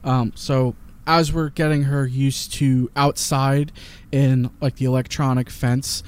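A man's voice: medium pitch, level tone, slow pace, smooth. A man chatting casually on a podcast, telling a story in an easygoing way. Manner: easygoing storyteller, uses sports comparisons. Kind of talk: casual chat.

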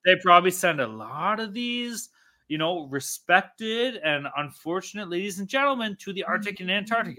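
High, bright-voiced tipsy podcast host. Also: male voice, animated, moderate pace. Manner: crude, profane, laughing. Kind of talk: casual chat.

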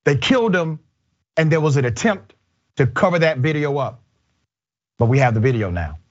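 Male host, husky voice, fairly low, emphatic measured political commentary, dull lo-fi sound. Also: very animated. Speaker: show host.

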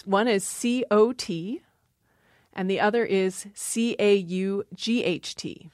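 A woman's voice: medium pitch, slow, darkish tone, no room sound, clean studio sound. A woman linguist explaining language in an interview, often laughing as she talks. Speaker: linguist guest. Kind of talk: interview talk.

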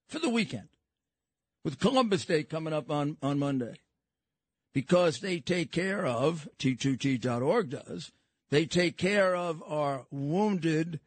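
A man's voice: a little high, husky, dry recording. An older man with a New York accent hosting his own radio show, lecturing in a combative way and repeating phrases. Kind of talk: opinionated radio monologue.

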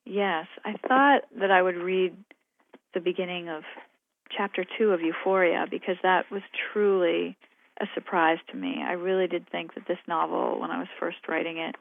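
A woman's voice: on the low side, steady tone, normal speed, creaky. A woman novelist talking thoughtfully and hesitantly about her writing, and reading aloud from her own novel. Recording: phone-like radio line.

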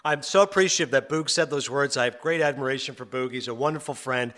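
A man's voice: mid-range voice, fast. A middle-aged male sports broadcaster in casual interview chat, telling stories with laughs and acted-out quotes. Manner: animated storyteller, laughs often, acts out quotes. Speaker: sports broadcaster and podcast host.

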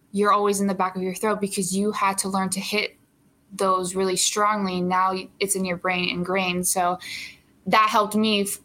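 A young actress as an interview guest, chatting casually with lots of fillers and frequent laughter. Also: female voice, mid-range voice, bright, forceful tone.

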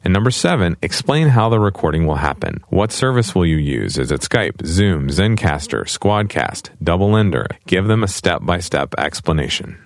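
A man's voice: deep voice, big pitch swings, normal speed, few pauses, no echo. A man giving a scripted tip segment, laying out steps one by one. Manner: clear step-by-step delivery. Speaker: podcast producer giving tips.

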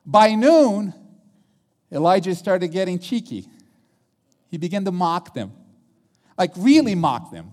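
A man's voice: high voice, expressive, normal speed, pauses often, darkish tone, big-room sound. A man preaching a sermon, retelling a story dramatically and acting out the quotes.

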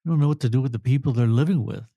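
Older male counselor, emotional and earnest, mellow dry voice. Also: medium pitch, gravelly, no echo. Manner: earnest, halting, apologetic. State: choked up with emotion. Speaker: family counselor. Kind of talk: emotional interview answer.

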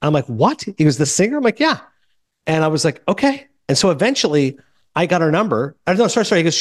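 A young man hosting a podcast, telling stories in a casual, animated way and retelling conversations. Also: a little high, quick pace, no echo, studio quality. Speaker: podcast host. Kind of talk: casual chat.

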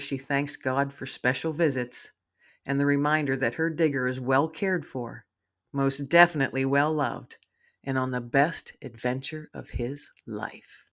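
A woman author reading her own story aloud in a heartfelt, storytelling manner. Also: a bass voice. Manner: warm, heartfelt narration.

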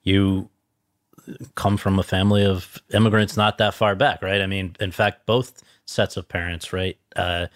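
A man's voice: low voice, steady tone, measured pace, no echo. A man interviewing a filmmaker, setting up long, winding questions.

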